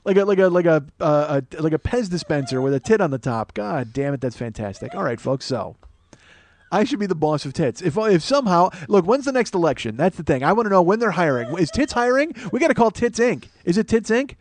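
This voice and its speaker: A man's voice: sits high, big pitch swings, brisk, a little mellow. A man in his forties hosting a comedy podcast, delivering a profane, exasperated solo rant that swings between mock outrage and mumbling. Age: 40s.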